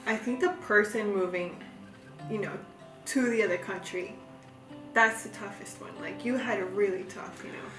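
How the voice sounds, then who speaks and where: A woman's voice: mid-range voice, moderate pace. A woman co-hosting a casual chat, mostly chiming in with agreement and support. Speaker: co-host. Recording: echoey room with guitar music.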